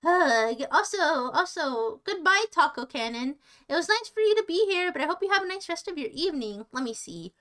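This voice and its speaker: A woman's voice: sits high, big pitch swings, moderate pace, hardly any pauses, pushed and bright. A woman streamer chatting casually on a livestream, rambling playfully and often restarting her sentences.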